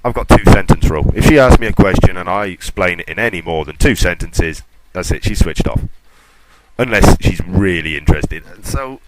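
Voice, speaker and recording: Rambling man, loud noise behind. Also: deep voice, animated, a little fast. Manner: ranting, self-mocking, off-topic. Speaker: podcast host. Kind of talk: casual rambling chat.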